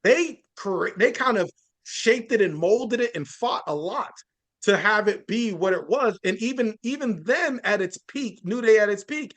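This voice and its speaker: A man's voice: sits high, expressive, unhurried, a bit bright. A man speaking as a journalist guest in a podcast interview, earnest and building his points through lists and frequent restarts.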